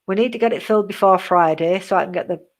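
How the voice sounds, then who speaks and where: A woman's voice: mid-range voice, fast. A middle-aged woman giving a live psychic reading, repeating herself and checking in with "okay?" in a reassuring way. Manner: repetitive, reassuring, tags phrases with "okay?". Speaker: psychic medium.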